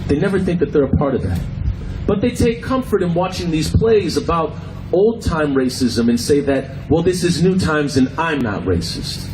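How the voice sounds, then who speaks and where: A man's voice: fairly high pitch, lively intonation, moderate pace, over music, rough recording. A man, a film actor, speaking at a protest with a conversational, pointed and sarcastic manner. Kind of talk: rally speech. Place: outdoor protest by a street. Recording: outdoor street with traffic noise.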